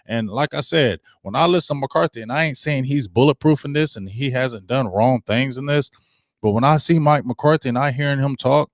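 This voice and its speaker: Animated man doing dry sports talk. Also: medium pitch, no echo. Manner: animated, acts out quoted coaches, talks to viewers. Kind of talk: casual live-stream sports talk.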